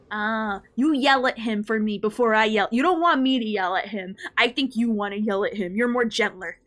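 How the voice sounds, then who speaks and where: A woman live streaming a game, chatting casually with her viewers in an animated, playfully ranting and mock-scolding way. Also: a little high. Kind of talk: casual gaming stream chat.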